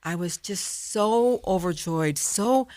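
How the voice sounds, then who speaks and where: A woman's voice: medium pitch, slow pace, a little mellow, dry recording. An older woman, a guest author, telling a personal story in an interview and acting out her own past thoughts.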